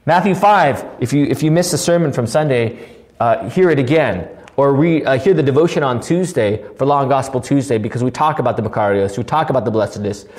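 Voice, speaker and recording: A man's voice: medium pitch, a little fast, darkish tone. A man, a pastor, giving a devotional Bible teaching, earnestly asking rhetorical questions and often adding "right?" while he repeats key words for emphasis. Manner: asks frequent rhetorical questions, tagging 'right?'.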